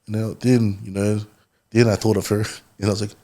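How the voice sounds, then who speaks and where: Man, husky, lowish voice, relaxed storyteller, podcast guest. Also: moderate pace. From New Zealand. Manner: relaxed, storytelling, laughs often. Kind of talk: casual conversation.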